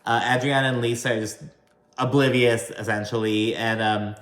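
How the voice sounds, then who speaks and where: A man's voice: medium pitch, steady tone, moderate pace, a bit bright. Chatty profane man in an echoey room. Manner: chatty, profane, heavy use of "like". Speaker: reality TV recap YouTuber. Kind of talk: casual recap commentary. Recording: roomy room echo.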